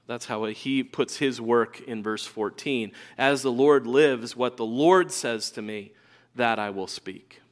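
Male preacher, mid-pitched, conversational sermon delivery with acted-out quotes.

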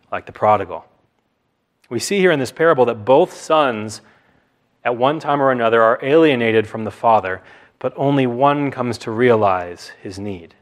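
Measured preacher man, deliberate. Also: lowish voice. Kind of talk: expository sermon.

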